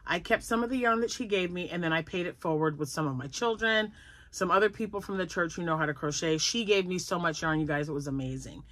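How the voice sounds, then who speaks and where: A woman's voice: on the low side, normal speed, fairly bright tone, no echo. An older woman chatting casually at home about her crochet projects, rambling and laughing often. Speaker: crochet vlogger. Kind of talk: casual chat.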